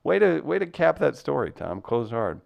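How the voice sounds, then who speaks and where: A man's voice: medium pitch, very animated, moderate pace, creaky, a little mellow, no room sound. A man hosting a casual live-stream talk show, joking and reading listener comments aloud. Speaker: podcast host.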